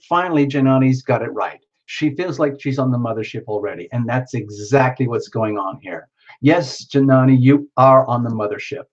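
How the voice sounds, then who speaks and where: A man's voice: mid-range voice, moderate pace, dull audio. A man hosting a live tarot stream, chatting casually to viewers in a rambling, playful, teasing way. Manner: rambling, playful and teasing, with many fillers and restarts.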